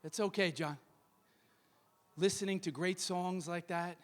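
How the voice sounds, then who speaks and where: A man preaching a sermon as pastor of a church, emphatic and building to shouted peaks. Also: high-pitched, fairly even intonation, measured pace. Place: church sanctuary.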